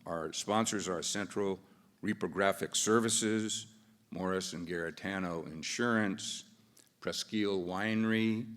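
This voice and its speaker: A man's voice: deep voice, a bit bright. An American man moderating a business event, giving easygoing opening remarks with fillers and restarts into a podium microphone. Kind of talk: opening remarks with a told joke. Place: large conference hall. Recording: long reverb of a large hall.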